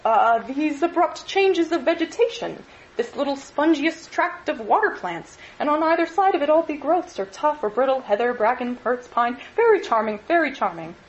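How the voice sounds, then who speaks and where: A woman voicing a genial, talkative middle-aged male clergyman who gently lectures the young men. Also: sits high, expressive, normal speed, dull audio, voice pushed up.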